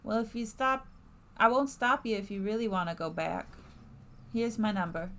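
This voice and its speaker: Woman reading a gentle, caring woman friend for a narrative game. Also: medium pitch, moderate pace, lightly acted. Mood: concerned. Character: kind, caring woman friend who worries aloud.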